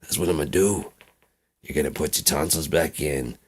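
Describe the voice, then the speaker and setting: A man's voice: very deep voice, moderate pace, breathy edge. A man rambling casually in a profane, joking monologue. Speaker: vlogger.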